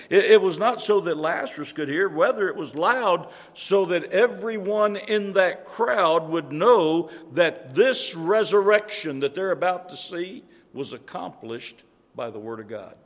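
Earnest preacher in a reverberant hall. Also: male voice, fairly high pitch. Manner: earnest and repetitive, restarting phrases for emphasis. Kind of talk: sermon.

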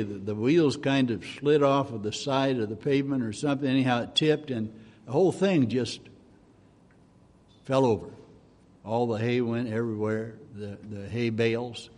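Folksy male preacher in a reverberant hall. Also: mid-range voice. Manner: folksy, homespun storytelling with restarts. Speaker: pastor. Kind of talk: sermon.

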